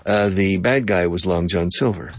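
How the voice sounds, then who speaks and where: A man's voice: sits low, normal speed. A man from Texas, teaching English in a chatty, digressive way and laughing often. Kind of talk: language lesson with drills.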